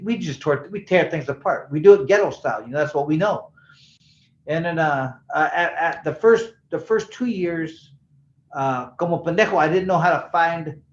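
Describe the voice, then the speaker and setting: A man in his sixties, a former boxing champion, telling stories in a casual interview and acting out the dialogue with slang. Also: on the high side. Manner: animated storyteller who acts out dialogue, with slang and swearing. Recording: roomy, slightly dull sound.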